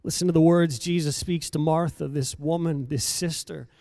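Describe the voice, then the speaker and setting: A man delivering a sermon in a high voice for a man, close and dry with no room echo. His delivery is dramatic, sinking to near-hushed phrases and then lifting into loud, ringing declarations. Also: fairly even intonation, moderate pace, creaky. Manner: dramatic, swinging between soft and loud emphasis. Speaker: preacher.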